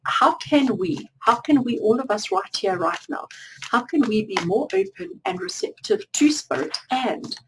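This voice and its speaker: A woman's voice: fairly high pitch, very animated, a little slow, background noise. A woman giving a spiritual tarot reading to viewers, repeating phrases in long chains. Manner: repetitive, lists phrases in chains. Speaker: tarot card reader.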